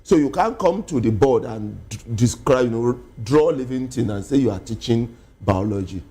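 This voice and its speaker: A man, an educationist guest on a TV interview, explaining slowly with many pauses and fillers. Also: medium pitch, lively intonation, mellow, husky. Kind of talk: TV studio interview.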